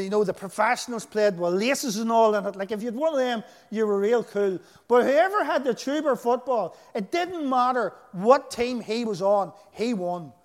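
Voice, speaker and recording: A man with a Northern Irish accent preaching a sermon, telling stories with emphatic delivery. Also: extremely high pitch. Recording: echoey hall.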